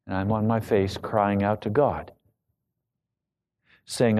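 A man preaching a sermon, telling a personal story with emotion that rises to loud pleading. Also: on the low side, fairly even intonation, slow, long pauses. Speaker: pastor.

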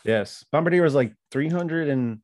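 A man's voice: fairly high pitch, animated, normal speed, a little mellow, dry recording. A man co-hosting a podcast, easygoing and chatty, laughing often. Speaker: podcast co-host. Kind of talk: casual chat.

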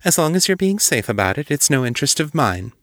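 An amused, cutting noblewoman speaks in a lifted, cool tone with a sharp edge under the drawl, as a man puts her on. She stays icy and droll throughout this narrated story. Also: on the high side, sing-song, fast talker, no room sound, studio quality, voice pushed up.

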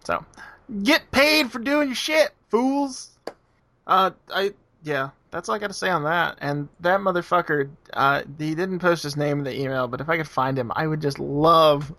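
Gravelly, bright-voiced joking man. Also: on the high side, fairly quick, few pauses, no echo. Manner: joking, sarcastic, plays voices in quotes. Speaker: podcast co-host. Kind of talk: casual podcast chat.

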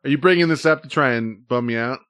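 A man's voice: mid-range voice, fast, a bit bright, smooth, dry recording. Grumbling, profane man, dry close sound. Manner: profane, grumbling about pet peeves. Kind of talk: casual chat.

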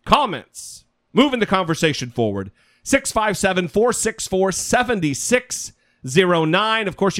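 A man with a high, fairly bright voice co-hosts a casual political podcast. He is chatty and rambling, swearing casually, and he is recorded on a studio mic.

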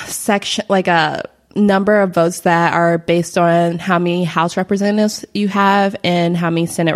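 A woman co-hosting a podcast, explaining history in a rambling casual chat with many fillers and frequent laughter. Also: on the low side. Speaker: podcast co-host.

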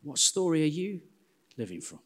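An English man in his forties preaching a sermon in a church, telling self-deprecating stories in a lively way. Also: fairly high pitch, moderate pace. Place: church hall. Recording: long hall reverb.

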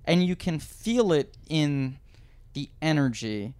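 A man in his thirties, a podcast guest telling an anecdote in casual chat, animated and digressive. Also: a little high, slow pace, clear, resonant tone. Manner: animated, digressive storyteller, does voices.

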